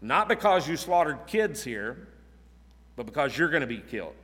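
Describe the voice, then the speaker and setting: An earnest man preaching an expository sermon, leaning on repeated phrases for emphasis. His voice sits a little high and sounds bright and forceful, carried by a long hall reverb. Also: sing-song, moderate pace. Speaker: pastor.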